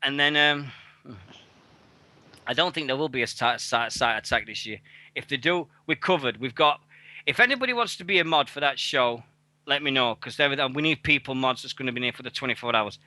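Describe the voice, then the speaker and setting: A man co-hosting an internet wrestling radio show, talking excitably and swearing freely. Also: medium pitch, brisk, dry recording. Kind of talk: casual internet radio chat.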